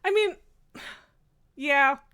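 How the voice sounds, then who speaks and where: A woman's voice: sits high, very slow, pushed and bright. A woman streaming a game, chatting casually, laughing often and swearing freely. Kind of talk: casual chat while gaming.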